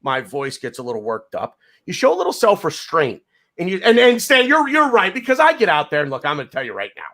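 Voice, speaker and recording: A man's voice: high-pitched, wildly swooping pitch, quick pace, bright, forceful tone. An American man hosting a podcast, worked up and swearing, repeating phrases and talking over the others. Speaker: podcast host. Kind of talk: heated podcast rant.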